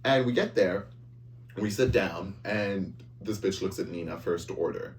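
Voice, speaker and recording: A man co-hosting a casual chat, telling crude jokes in a playful, animated way. His voice sits fairly low. He sounds a little far from the mic, in an echoey room with a faint hum behind him. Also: normal speed. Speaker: podcast co-host.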